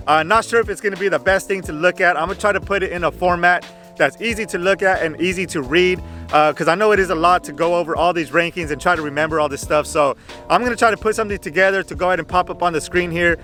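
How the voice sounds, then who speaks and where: A man's voice: sits high, quick pace, sharp tone, faint music behind. A man hosting his gaming channel, chatting casually through a game guide and repeating "go ahead" between filler words.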